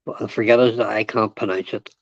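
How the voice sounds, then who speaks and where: A man's voice: fairly low pitch, fairly even intonation, brisk, vocal fry, no echo. A man joining a live panel to chat about football, rambling and repeating himself. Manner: rambling, repeats himself, retells what others said. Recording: dry, dull lo-fi call audio.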